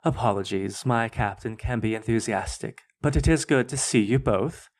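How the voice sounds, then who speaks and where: A man's voice: medium pitch, normal speed, darkish tone, natural voice. A man voicing a haughty young queen who scolds her captain, as he reads a story aloud. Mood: gracious. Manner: imperious, scolding.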